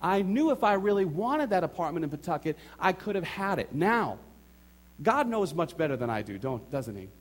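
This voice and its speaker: A man preaching a sermon, telling a personal story with animated acted-out quotes and repeated phrases for emphasis. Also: high-pitched, normal speed. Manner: animated storytelling, acts out his own and others' quotes. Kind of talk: sermon testimony.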